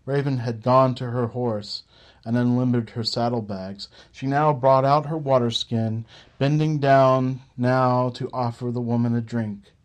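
A man narrating a fantasy audiobook in a measured, deliberate way. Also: mid-range voice, fairly even intonation.

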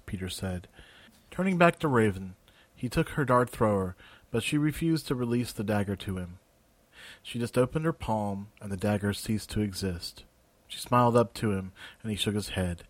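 Low-voiced man narrating a fantasy story. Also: moderate pace, no room sound. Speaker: audiobook narrator.

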